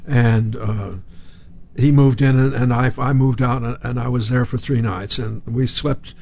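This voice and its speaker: A man's voice: medium pitch, fairly even intonation, a little slow, darkish tone. An older man, an interview guest, telling anecdotes and acting out the voices of the people in them. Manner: acts out quoted voices while telling stories, chuckles. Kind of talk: anecdotal storytelling.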